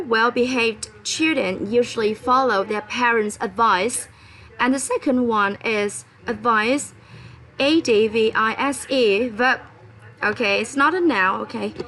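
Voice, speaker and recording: A woman's voice: on the high side, bright, forceful tone, poor audio. A woman teaching English vocabulary, spelling words letter by letter and often checking in with "okay?". Her first language is Vietnamese. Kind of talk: vocabulary lesson.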